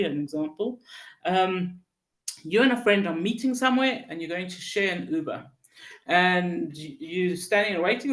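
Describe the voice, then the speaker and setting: Halting teacher in a roomy hall. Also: medium pitch, fairly bright tone. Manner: halting, with many fillers and restarts; tells stories and acts out the people in them. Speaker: Torah teacher. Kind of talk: Torah lesson on Psalms. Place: synagogue hall. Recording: roomy echo.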